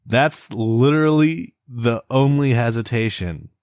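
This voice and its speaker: A man in the middle of casual podcast banter, his voice sitting at an ordinary pitch and recorded close and dry. He talks in fits and starts, restarting phrases and grumbling about what he has to read. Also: darkish tone, clean tone, no room sound. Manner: halting, self-interrupting, complains while reading. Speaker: podcast co-host. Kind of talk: casual podcast banter, reading a transcript aloud.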